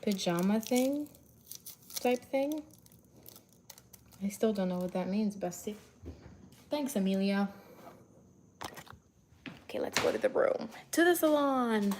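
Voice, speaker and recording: A woman's voice: mid-range voice, animated, slow pace, pauses often, a little mellow, slight background noise, poor audio. A tired young woman chatting casually to viewers on a livestream from her bedroom, talking to her dog now and then. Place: bedroom at home.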